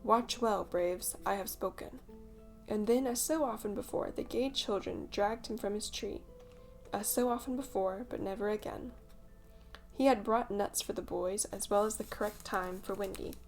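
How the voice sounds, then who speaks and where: A woman reading a children's audiobook as narrator, in lively storytelling. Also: mid-range voice, normal speed, faint music behind. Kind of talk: scripted narration.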